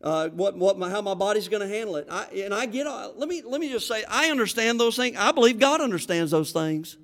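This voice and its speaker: A man's voice: high voice, animated, brisk, a bit bright. A man with a Southern accent from the Florida panhandle, preaching a fervent sermon as a pastor, with many restarts and rising exhortations.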